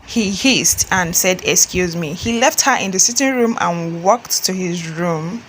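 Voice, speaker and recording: A woman with a Nigerian accent narrating a love story in a plain, steady way. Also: lowish voice, measured pace, a little hiss or hum, low-quality recording.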